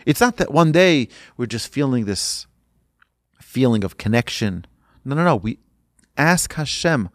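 A man's voice: mid-range voice, very animated, unhurried, no echo, studio quality. A man giving an urgent sermon as a religious teacher, emphatic and repeating his points.

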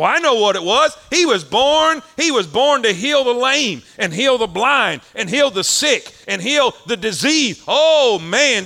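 High and sharp, this preacher's voice carries a folksy sermon. He leans on rhythmic repetition, restating lines with emphasis that swells and drops.

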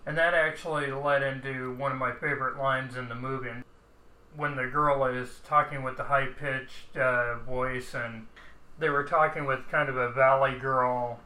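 A man's voice: medium pitch, pushed and bright. A man co-hosting a podcast, giving a thoughtful, rambling film review in casual chat. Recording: roomy, echoey room sound.

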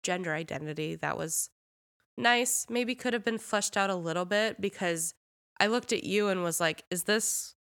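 A woman's voice: medium pitch, normal speed, fairly bright tone. A woman on a casual movie review podcast, frank and blunt in her critical remarks.

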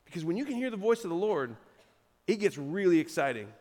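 A man preaching a sermon as pastor, telling a story with lively quoted voices. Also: high-pitched, fast, big-room sound.

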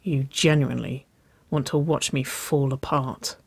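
A reader voicing a smitten, flustered young woman who speaks in hushed, strained whispers in a storybook reading. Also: mid-range voice, steady tone, a little slow, gravelly, husky, no room sound.

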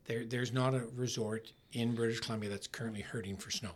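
A middle-aged man in a casual interview, talking in halting bursts with many restarts and trailing off softly. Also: mid-range voice, steady tone. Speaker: ski resort marketing executive, guest.

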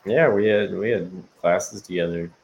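A man's voice: low voice, normal speed, vocal fry, rough recording. A man chatting as a podcast guest, giving brief, laid-back remarks. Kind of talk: casual chat.

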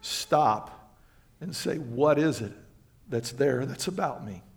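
A male pastor preaching a sermon to his congregation, swinging between loud emphatic lines and quiet, low asides. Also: expressive, takes it slowly, gravelly. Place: church sanctuary.

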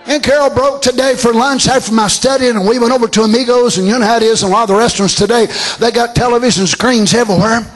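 A man. He shouts his points and mocks sports fans and sleepy churchgoers. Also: very high-pitched, fairly even intonation, fast talker, hardly any pauses. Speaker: preacher. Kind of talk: fiery revival sermon.

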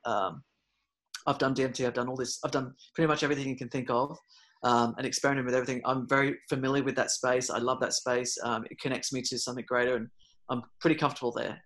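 A man, a podcast guest, telling a personal story in casual talk, full of fillers and restarts, and getting loud and animated at the dramatic moments. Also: mid-range voice, quick pace. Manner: rambling, many fillers and restarts; gets loud and animated retelling scary moments.

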